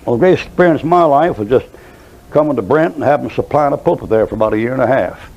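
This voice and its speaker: An older man preaches a sermon in a folksy, storytelling way, drifting into asides as he goes. His voice is dark and mellow. It sounds like an old sermon recording. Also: medium pitch, fast, lo-fi sound.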